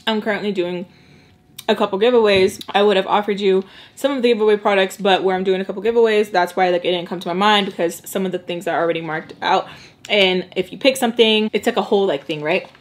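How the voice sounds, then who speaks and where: Fast and mid-range in pitch, the young makeup artist carries on her storytime chat between bites. She's talkative, performs the quoted voices, and mixes in bits of Spanish slang.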